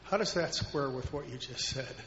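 A man's voice: mid-range voice, normal speed, a bit bright. A man in the congregation asking the pastor a question, a little hesitant. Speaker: congregation member. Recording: dull sound, crowd around.

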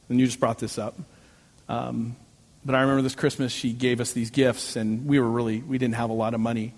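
A man preaching a sermon as pastor, telling personal stories with animated delivery and self-mocking jokes. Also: mid-range voice. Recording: long reverb of a large hall.

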